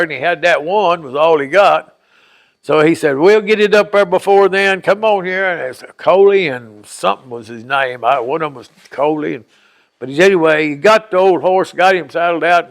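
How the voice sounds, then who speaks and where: A man's voice: a little high, a bit bright. An older man being interviewed, telling a childhood story in a folksy, rambling way and acting out the voices of the people in it. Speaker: oral history interviewee.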